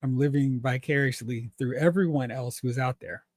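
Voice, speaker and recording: Animated male toy-stream host, dry mic. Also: mid-range voice, normal speed, dry recording. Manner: animated, laughs often, acts out exclamations. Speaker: toy collecting livestream host. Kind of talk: casual livestream chat reading comments.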